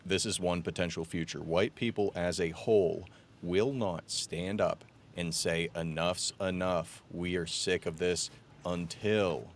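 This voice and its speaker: A man's voice: low voice, slight background noise. A man hosting a podcast, talking in an emphatic, ranting way and often calling his guest "dude". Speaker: podcast host. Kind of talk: casual podcast chat. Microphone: own podcast mic, remote call.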